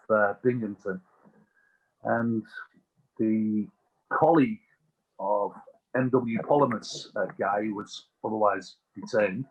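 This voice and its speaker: A British man, a business owner as interview guest, telling anecdotes in a chatty, animated way. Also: on the low side, husky, highs cut off.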